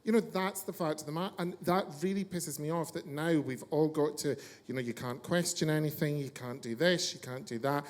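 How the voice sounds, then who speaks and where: Guy hosting a chat show, crude jokey rants, kinda high voice. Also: brisk, hardly any pauses. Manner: brash, sweary, joking rants. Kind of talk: casual chat.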